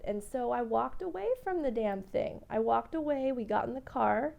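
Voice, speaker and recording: Young woman rambling thru a story on her podcast, swears a lot, kinda gravelly, mellow tone. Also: on the high side, lively intonation, moderate pace. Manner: rambling, candid, swears freely. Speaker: podcast host. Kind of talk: casual storytelling monologue.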